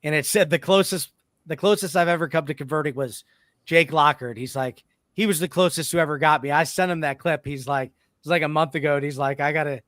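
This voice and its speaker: Rambling male podcast host, slightly high voice, dry close-miked sound. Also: brisk, fairly bright tone, dry recording. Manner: rambling, self-interrupting. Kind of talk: casual chat.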